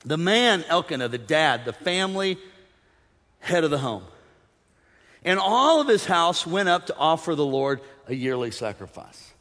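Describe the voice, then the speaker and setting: A male pastor preaches with lively, joking energy and keeps calling on his congregation to answer him. His voice sits high and bright. It rings out with the long reverb of a big church hall. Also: a little slow. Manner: energetic preaching with audience call-outs and humor. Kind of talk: sermon. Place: church sanctuary.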